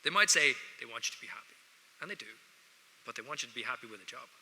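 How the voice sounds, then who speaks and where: A man's voice: medium pitch, lively intonation, fast talker, bright, forceful tone, a little hiss or hum. Wry Irish man speaking in a hall. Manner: wry, joking, addresses the audience directly. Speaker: guest speaker at a student award ceremony. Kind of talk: humorous ceremony speech. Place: large ceremony hall. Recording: echoey large hall.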